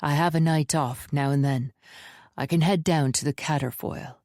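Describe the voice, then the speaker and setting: A woman's voice: low-pitched, steady tone, moderate pace, darkish tone, dry recording, clean studio sound, natural voice. A woman voicing a reserved young male soldier from the islands, who answers in brief, guarded replies.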